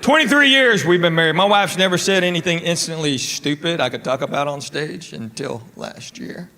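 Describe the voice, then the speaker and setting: On a comedy club stage in front of a live crowd, a Tennessee man with a Southern East Tennessee drawl tells folksy stories at normal speed, his voice on the high side, voicing the characters' dialogue himself. Loud audience laughter and room noise fill this live club recording.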